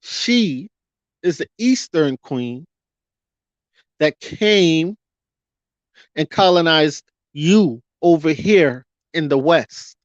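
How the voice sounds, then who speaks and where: A man's voice: fairly high pitch, lively intonation, dry recording. Fiery ranting male vlogger, lo-fi. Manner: fiery, rhetorical questions, drawn-out emphasis. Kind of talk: ranting commentary monologue. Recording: dull lo-fi dry audio.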